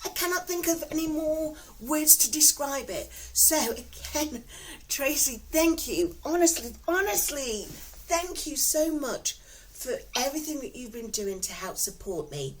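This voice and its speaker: Chatty Nottingham woman with a lively voice. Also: sits high, unhurried, slight background noise, rough recording. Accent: Nottingham English. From England. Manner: warm storytelling, giggly, repeats herself. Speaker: vlogger. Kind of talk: casual chatty vlog.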